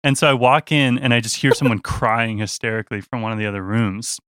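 A bright-voiced man tells a tour story with plenty of laughter, slipping into the other people's voices as he goes. The sound is close and dry. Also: medium pitch, a little fast, smooth, no echo. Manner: animated, laughs often, acts out the other voices. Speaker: band member telling a tour story. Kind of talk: casual storytelling.

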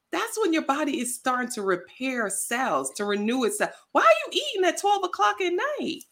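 A woman guest on a chatty podcast, her pitch swinging widely as she tells stories. She acts out what friends and strangers said in quick little voices. The delivery is loose and conversational. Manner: animated storytelling, acts out quotes. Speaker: guest, plant-based lifestyle influencer. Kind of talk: casual podcast chat.

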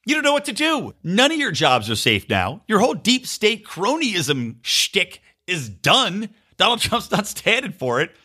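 Animated, sarcastic male podcast host. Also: sits high, unhurried, hardly any pauses, breathy edge. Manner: sarcastic, ranting, swears freely. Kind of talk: political commentary monologue.

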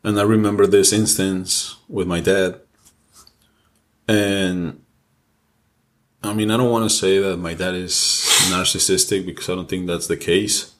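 A man's voice: deep voice, steady tone, a little slow, long pauses. A young man co-hosting a casual podcast, recounting a personal story candidly and emotionally, swearing freely. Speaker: podcast co-host.

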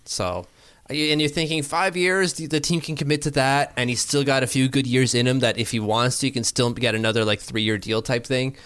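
A man chatting casually about sports, rambling and working through numbers out loud. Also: mid-range voice, clear, resonant tone, dry recording. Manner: rambling, doing quick mental math aloud.

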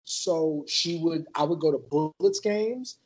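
A man's voice: a little high, takes it slowly, a little mellow, low-quality recording. A man from Maryland, a podcast guest, talking in a laid-back, loose way with lots of fillers. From Maryland, USA. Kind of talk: casual podcast chat.

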